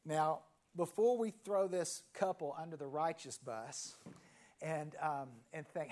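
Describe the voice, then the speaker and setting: Preaching with an easygoing, conversational manner, this pastor in his fifties has a voice on the high side. He shares a story, then pauses, letting the endings of important phrases drop almost to a whisper.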